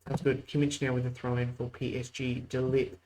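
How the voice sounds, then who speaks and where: A man's voice: medium pitch, monotone, brisk, background noise. A man hosting a let's-play video, mixing mock play-by-play calls with muttered asides. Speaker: host. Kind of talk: casual let's-play game commentary.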